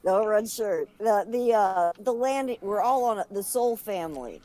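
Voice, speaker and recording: A woman's voice: medium pitch, expressive, moderate pace, warm tone. A woman in casual chat, explaining things with a chuckle. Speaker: podcast co-host.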